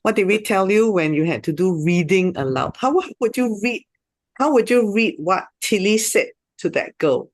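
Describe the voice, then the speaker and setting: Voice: medium pitch, animated, normal speed, no room sound. A teacher with a Singaporean English accent co-leading an online English lesson and chatting about what the class should do next.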